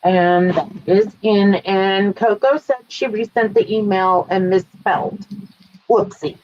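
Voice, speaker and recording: A woman's voice: mid-range voice, steady tone, takes it slowly, darkish tone. A woman co-hosting a live selling show, cheerfully reading out viewer comments and buyers. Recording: dull lo-fi sound.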